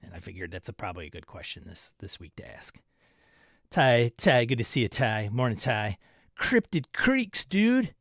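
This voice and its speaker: A man's voice: fairly low pitch, a little fast, gravelly, fairly bright tone, slightly rough, dry recording, clean studio sound. A man hosting a tabletop game livestream, reading viewer comments aloud and joking around in casual chat.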